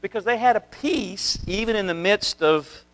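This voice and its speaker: A man's voice: sits high, moderate pace, a bit bright. A man preaching a conversational sermon as a pastor, telling the story in a chatty way with many restarts. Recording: long reverb of a hall.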